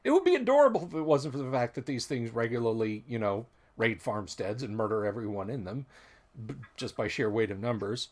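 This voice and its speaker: A man's voice: mid-range voice, big pitch swings, a little fast, darkish tone. A man running a tabletop game as game master, describing the scene with frequent restarts.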